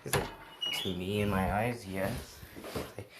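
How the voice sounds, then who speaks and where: Low-voiced young man rambling a story. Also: fairly even intonation, a little slow, reverberant. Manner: rambling, many restarts and "right?". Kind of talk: improvised fan story retelling. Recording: faint background noise.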